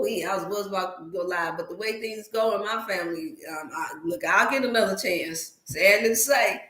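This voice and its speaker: A woman's voice: medium pitch, a bit bright, reverberant. A woman host telling a funny story in a casual livestream, laughing often and slipping into preachy asides. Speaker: wellness channel host.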